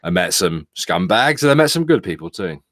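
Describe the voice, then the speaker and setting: Man, London accent, low voice, dry close mic, teasing, casual live stream chat. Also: very animated, fairly quick, fairly bright tone, no room sound. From England. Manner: dry, teasing, reads and answers chat comments. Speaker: co-host of a live stream show.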